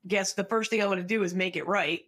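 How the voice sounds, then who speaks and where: A woman's voice: medium pitch, quick pace, fairly bright tone. A woman from New England speaks as a podcast guest. She is blunt and outspoken, and she talks in a direct, casual way. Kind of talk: casual conversation.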